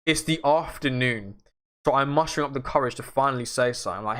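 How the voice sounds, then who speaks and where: A young man hosts a casual livestream, talking loosely and swearing now and then. He rambles through viewer questions in a self-mocking way, at an ordinary male pitch. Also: fast, a bit bright. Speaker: livestream host.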